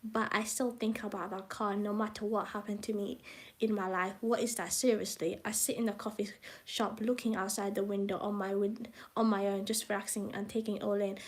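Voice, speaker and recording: A young woman live-streaming, reading from her own book in a rambling, self-conscious way, breaking off with asides to her viewers. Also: medium pitch. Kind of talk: live casual reading and chat.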